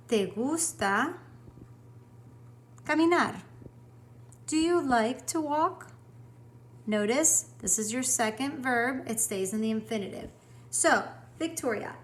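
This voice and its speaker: A woman with a slightly high, somewhat bright voice teaches a recorded language lesson to students. She's upbeat and encouraging, speaks clearly, and slows down to model example sentences.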